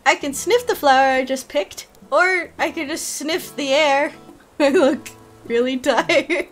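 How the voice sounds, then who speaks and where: A woman streaming a video game, chatting casually, giggly and excitable, squealing when something delights her. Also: high voice, measured pace, faint music behind. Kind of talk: casual gameplay commentary.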